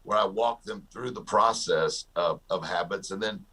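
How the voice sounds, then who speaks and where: A man's voice: low-pitched, moderate pace, bright, forceful tone. A man, a guest author and success coach, talking in an interview and telling jokey stories with a laugh. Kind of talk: storytelling interview talk.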